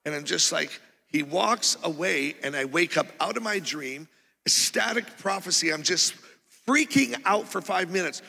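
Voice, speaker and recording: A man preaching a testimony in a church auditorium, his voice gravelly and edged with a bright, forceful tone. He rambles excitedly through the story, circling back and restarting as he goes, while a long hall reverb trails behind each phrase. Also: high-pitched, moderate pace. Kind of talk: testimony sermon.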